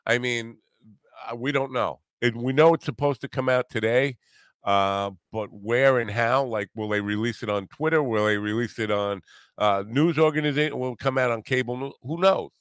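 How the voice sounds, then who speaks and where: A man's voice: medium pitch, moderate pace, a bit bright, smooth, no echo. Podcast host guy rambling, laughs a lot, swears some, dry close mic. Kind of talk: casual chat.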